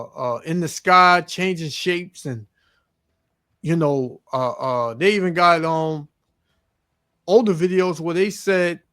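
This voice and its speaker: A man with a high-pitched voice preaches over news clips. He reads scripture aloud and stammers through his fillers. He ends nearly every phrase with "man". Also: a bit bright, no room sound, studio quality. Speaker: street preacher.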